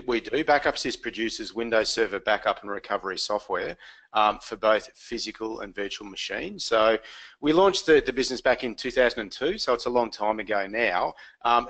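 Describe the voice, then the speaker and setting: A man's voice: medium pitch, a bit bright. A man with an Australian accent, speaking as a company guest on a webinar in a friendly, upbeat way.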